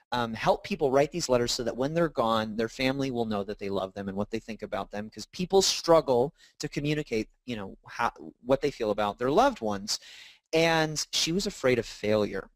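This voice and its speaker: A man's voice: medium pitch, no echo. A man in his thirties, an author and speaker, telling stories in a casual interview and acting out the dialogue he quotes. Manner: animated storytelling, acts out quoted dialogue.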